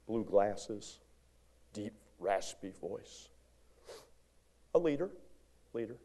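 A male pastor preaching a sermon in a church, animated, moving from shouts to hushed lines and calling out to the congregation. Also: lowish voice, very slow. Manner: call-and-response exhortation to congregation. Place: church sanctuary.

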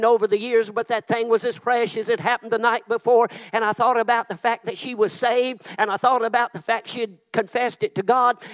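A man, preaching a sermon. He moves between a quiet, reverent prayer tone and fiery, impassioned shouting. It sounds like a pastor stirring up his congregation. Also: sits high, poor audio.

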